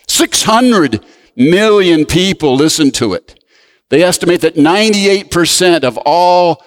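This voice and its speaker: A man preaching a sermon and telling a story, swinging from raised, emphatic lines down to hushed asides. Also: on the high side, dry recording.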